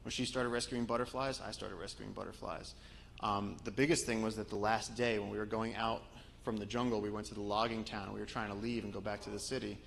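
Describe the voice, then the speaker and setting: A man with a low, gravelly voice tells stories to a live audience as a guest speaker. He speaks in loose, conversational anecdotes and often restarts his sentences. Faint noise sits under his voice. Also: flat delivery, fast, poor audio. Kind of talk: storytelling talk to a live audience.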